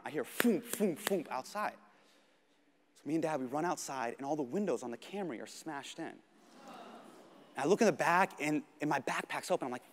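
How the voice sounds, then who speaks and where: A male comedian in his thirties tells a story on a theater stage, his high voice leaping up and down. He swings from shouting to hushed asides. A long reverb fills the hall. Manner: animated, expressive, shifts between shouting and hushed. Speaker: stand-up comedian. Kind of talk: stand-up storytelling.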